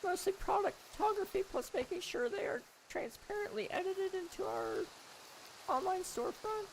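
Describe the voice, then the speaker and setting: A man streamer voicing a sweet, sour old lady in a high falsetto while chatting with viewers. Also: wildly swooping pitch, moderate pace, a little hiss or hum, full character voice, low-quality recording. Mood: chatty. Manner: chatty, apologetic, answers chat as he goes. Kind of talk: live stream chat.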